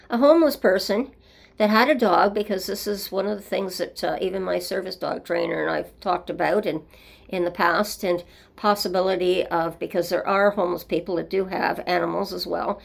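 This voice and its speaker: A woman's voice: medium pitch, moderate pace, gravelly. A woman hosting a solo show, speaking in an earnest, meandering way as she reflects and tells stories. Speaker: host.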